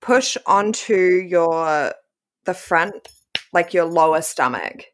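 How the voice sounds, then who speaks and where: A woman's voice: on the low side, animated, slow, no room sound. A woman co-hosting a casual chat, cheeky and crude as she tells a story. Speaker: podcast co-host.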